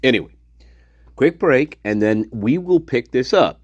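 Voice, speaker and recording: Slow, lively-pitched man hosting a stream. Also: dry recording, muffled recording. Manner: rambling and joking, many fillers and asides. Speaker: livestream host reacting to an interview. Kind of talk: casual rambling commentary.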